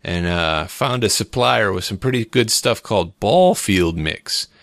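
A man in casual podcast chat who talks with enthusiasm and exaggerates his stories, his pitch jumping up sharply. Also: animated, unhurried, gravelly, a bit bright, no echo, clean studio sound. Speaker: podcast co-host.

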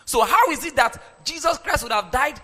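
Preaching at normal speed with an extremely high-pitched voice, a pastor leads his congregation in call-and-response, and they repeat his lines back. The animated sermon is recorded in a hall with long reverb.

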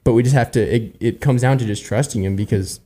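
Sharing on a relaxed church panel, a man in his twenties who plays in worship rambles earnestly, often ending lines with "right?" to check in with the audience. He talks quickly in a mellow, mid-range voice, with a slight hiss or hum.

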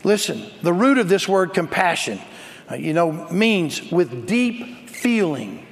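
High lively preacher in a hall. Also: male voice, takes it slowly, creaky. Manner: builds to shouting, call-and-response with congregation. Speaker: pastor. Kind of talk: sermon.

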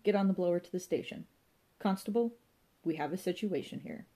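A woman reading an audiobook voices a brisk, officious male police inspector who talks in a formal, clipped, commanding way. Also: fairly low pitch, dark tone.

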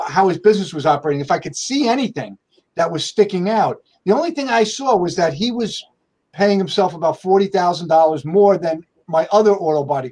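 Higher-voiced man telling stories in an interview. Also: darkish tone. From United States. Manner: conversational, many restarts, acts out quoted dialogue. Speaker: accountant and firm owner, guest. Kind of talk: storytelling interview answers.

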